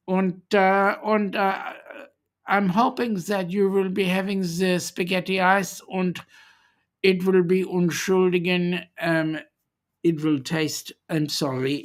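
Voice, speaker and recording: A jovial, mock-formal German visitor, as a livestream host puts him on in a slow, unhurried comic accent. The phrasing stays stiff and polite, halting on fillers between words. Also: medium pitch, natural voice. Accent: German put-on. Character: cheery German-accented guest character.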